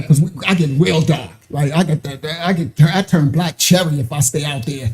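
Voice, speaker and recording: Laughing man telling a lively story. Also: high-pitched, moderate pace. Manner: animated, laughs often, acts out quoted voices. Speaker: show host telling a personal story. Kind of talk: casual storytelling.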